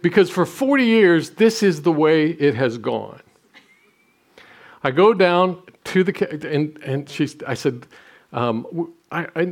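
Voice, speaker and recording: A man's voice: a little high, animated, slow pace. A man in his sixties preaching a sermon, telling stories with self-deprecating humor and some restarts. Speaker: pastor.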